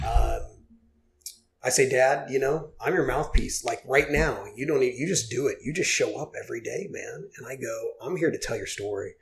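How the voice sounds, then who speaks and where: A man's voice: mid-range voice, moderate pace, slight background noise. A man in his forties from Oklahoma, a podcast guest telling his story in an earnest, heartfelt way, with lots of fillers. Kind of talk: casual podcast interview.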